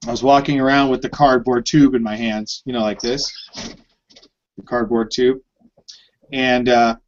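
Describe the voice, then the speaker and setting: A man's voice: mid-range voice, level tone, moderate pace. A man co-hosting a live stream chat, telling an anecdote with lots of energy and free swearing. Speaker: podcast co-host. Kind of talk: casual storytelling chat. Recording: dull lo-fi live stream audio.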